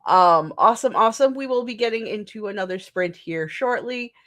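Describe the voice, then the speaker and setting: A woman's voice: medium pitch, expressive, brisk, a bit bright. A young woman hosting a live writing stream, chatting casually, laughing often and restarting her sentences as she goes.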